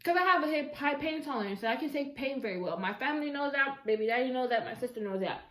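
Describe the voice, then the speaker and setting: A woman telling a story casually while eating on camera at home, chatty and expressive, with slangy asides to her viewers. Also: high voice, fast talker. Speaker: mukbang vlogger. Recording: echoey room.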